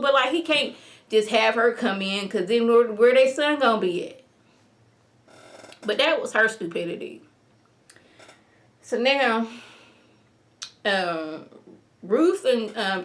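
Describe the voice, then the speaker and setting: A woman vlogger talks through a TV episode in a loose, chatty way, her voice sitting at a medium pitch. She keeps the recap animated, jumping into the characters' lines as she goes. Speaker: TV review vlogger.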